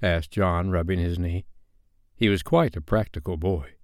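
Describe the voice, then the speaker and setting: A man reading a classic children's novel aloud as a bedtime story, in an expressive, lively manner. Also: deep voice, moderate pace, dry recording, studio quality.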